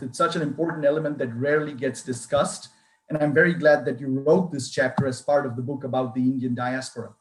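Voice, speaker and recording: A man's voice: on the high side, roomy sound. A man moderating a virtual panel on a video call, introducing panelists.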